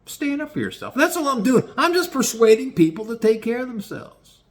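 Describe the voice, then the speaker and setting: A middle-aged man telling a casual personal story in a profane, animated way, often acting out what people said. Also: extremely high pitch, moderate pace. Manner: profane and animated, acts out quoted dialogue.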